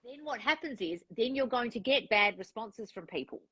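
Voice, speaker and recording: A woman's voice: a little high, animated, normal speed, sharp tone, slightly rough, no echo, poor audio. A woman coaching a client one-on-one, frank and direct, giving instructions and acting out the thoughts she wants the client to have. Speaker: relationship and manifestation coach.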